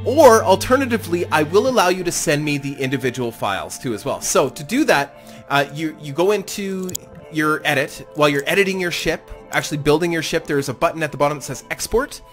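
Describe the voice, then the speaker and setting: A man's voice: fairly high pitch, fairly quick, faint music behind. A man hosting a fan game tournament, chatting casually and commentating on the matches. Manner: animated, chatty, self-deprecating with laughs. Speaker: gaming YouTuber hosting a tournament.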